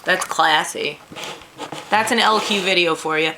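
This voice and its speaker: Chatty New York woman, lowish voice. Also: measured pace, sharp tone, slight background noise, rough recording. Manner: chatty, self-deprecating asides. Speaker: craft tutorial host. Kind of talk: casual step-by-step tutorial.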